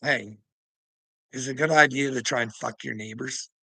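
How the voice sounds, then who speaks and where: A gravelly, raspy man delivers a profane, combative rant in a tense, edgy voice. He sounds scornful and laughs often between jabs, with a dry, close sound. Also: medium pitch, steady tone, moderate pace, pushed and bright, no room sound, poor audio. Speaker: vlogger. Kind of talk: ranting commentary.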